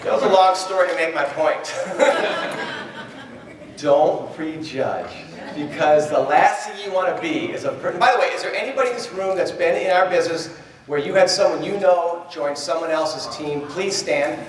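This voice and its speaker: A man giving a live motivational seminar talk, animated, acting out little dialogues and quizzing the crowd. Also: fairly high pitch, moderate pace. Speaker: motivational trainer. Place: large event hall. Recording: echoey hall from far off.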